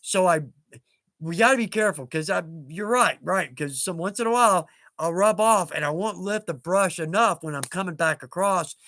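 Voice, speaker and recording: High-voiced chatty older man, dry sound. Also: normal speed, bright, forceful tone, no room sound. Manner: chatty, rambling, self-mocking with chuckles. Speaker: livestream host. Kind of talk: casual livestream chat.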